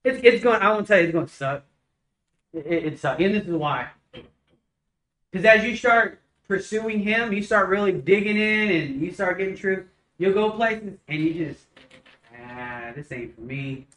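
A man preaching a casual, conversational sermon, telling stories with lively acted-out dialogue. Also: high-pitched, normal speed, low-quality recording. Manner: animated storytelling, acts out dialogue.

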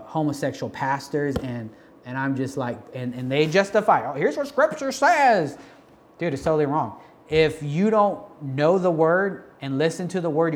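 Man, informal church teaching, chatty, restarts, slangy, mid-range voice. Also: mid-range voice. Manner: conversational, many restarts and fillers, slangy asides.

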